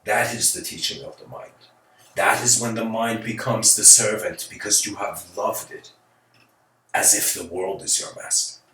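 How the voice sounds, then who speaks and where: A man's voice: lowish voice, normal speed, sharp tone, recorded from a distance, slight background noise. Laid-back man giving a spiritual talk. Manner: casual, searching, laughs between thoughts. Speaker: spiritual speaker. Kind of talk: live-streamed spiritual talk. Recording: roomy sound from away from the mic.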